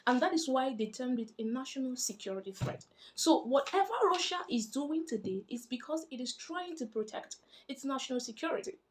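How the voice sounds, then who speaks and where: A woman's voice: high voice, brisk. A woman, chatty and emphatic, explaining international politics in a casual vlog. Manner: chatty and emphatic, animated when making points.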